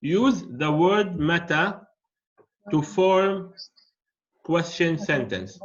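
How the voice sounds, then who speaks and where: Man, teacher, patient, deliberate explanations, slightly high-pitched, muffled lo-fi sound. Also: lively intonation. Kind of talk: classroom language lesson. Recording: dull lo-fi audio.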